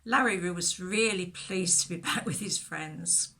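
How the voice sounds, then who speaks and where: A woman telling a Bible story to children, expressive, with whispered asides. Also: on the low side, a little slow.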